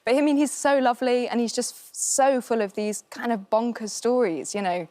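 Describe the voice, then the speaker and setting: A woman's voice: on the high side, fairly even intonation, moderate pace, mellow. A woman who is an actress being interviewed in a casual chat, laughing often and poking fun at herself. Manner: laughs often, self-deprecating. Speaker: actress guest.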